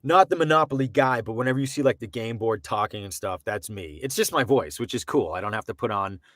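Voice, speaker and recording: A man who works as a professional voice actor, answering interview questions in casual, animated, rambling explanations with frequent restarts. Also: fairly low pitch, fast talker, no room sound, studio quality.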